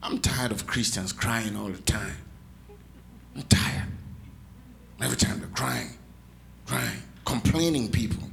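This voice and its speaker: Animated preacher man, drawn-out delivery. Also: mid-range voice, vocal fry, a little hiss or hum. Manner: lively preaching, calls to the congregation, playful asides. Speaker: pastor. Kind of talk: sermon. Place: church with congregation.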